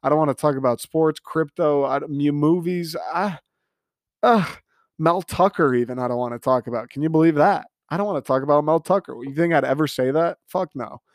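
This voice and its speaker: A man's voice: fairly high pitch, fairly quick, no room sound, studio quality. A man in his twenties hosting a casual solo podcast, rambling and sarcastic with self-mocking asides, and bothered by hiccups. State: has the hiccups. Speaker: podcast host.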